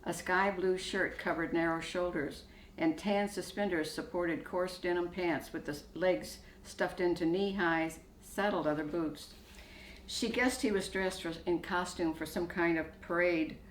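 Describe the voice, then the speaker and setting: Lady reading her own story, steady, lowish voice, roomy and a bit hissy. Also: a little slow, distant mic. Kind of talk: reading a short story aloud. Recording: echoey room, faint hiss.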